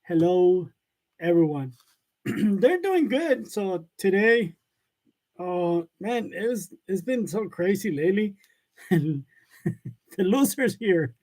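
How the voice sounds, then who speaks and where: On a print shop channel's live stream, a man speaks slowly but animatedly from his workshop, leaving long pauses in a high-pitched, darkish voice. He reads comments aloud and often jokes and laughs, miked with a wireless lavalier.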